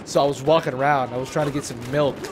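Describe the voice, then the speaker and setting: A man's voice: mid-range voice, steady tone, quick pace, background noise. A young man chatting while gaming, telling rambling, profane stories with lots of laughing, recorded at home on a desk mic. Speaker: video uploader and player. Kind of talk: casual gaming chat. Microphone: home desk mic, audio only.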